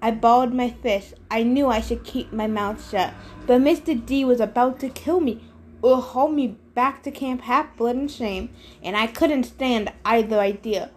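A woman's voice: fairly high pitch, a little slow, slight background noise. A woman narrating a novel aloud in first person, giving the characters their own voices. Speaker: reader. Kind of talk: audiobook narration.

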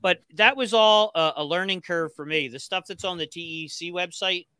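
Gruff podcast guest guy w/ a slight lisp, bright sharp voice, pitch a bit up, dry close mic. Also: moderate pace, no room sound. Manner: gruff, joking, self-deprecating. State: slight lisp from a missing tooth. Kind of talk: casual chat.

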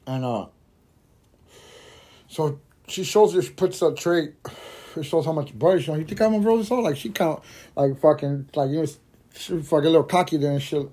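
A man hosting a podcast, telling a rambling, swear-filled story while high and laughing at his own jokes. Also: moderate pace, pauses often, warm tone, slightly rough. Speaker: podcast host. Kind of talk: casual storytelling monologue.

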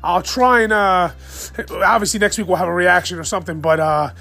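A man hosting a solo sports fan podcast late at night, excited, profane and rambling as he rants. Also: sits high, fairly quick, gravelly, faint music behind. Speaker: podcast host.

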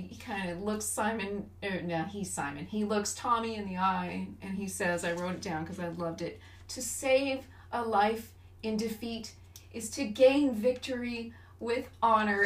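A woman's voice: medium pitch, moderate pace, a bit bright. A woman co-hosting a casual movie chat, gushing and getting emotional as she recaps scenes. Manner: emotional, gushing, voice rises when moved. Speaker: podcast co-host. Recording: echoey room, mic at a distance.

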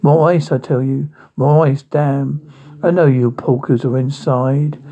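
Brief: man doing a foul-mouthed storybook wolf, irritable ranter, husky. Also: mid-range voice, fairly even intonation, a little slow, dark tone, highs cut off. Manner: ranting, irritable, cursing. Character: foul-mouthed grumpy big bad wolf.

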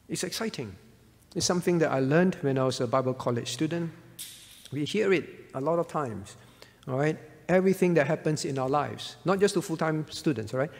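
A man's voice: on the high side, gravelly, a little mellow, big-room sound. A male pastor preaching a sermon earnestly, often checking in with the congregation by asking "all right?".

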